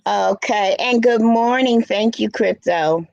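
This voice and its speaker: A woman's voice: a little high, takes it slowly, gravelly, darkish tone, dry recording, lo-fi sound. A middle-aged woman hosting a casual live-stream chat, talking earnestly and with feeling, reading viewer comments aloud. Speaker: live show host.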